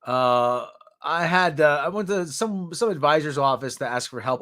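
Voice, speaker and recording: High, animated man ranting sarcastically. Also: normal speed. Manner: ranting, mocking. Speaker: podcast host. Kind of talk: sarcastic news commentary.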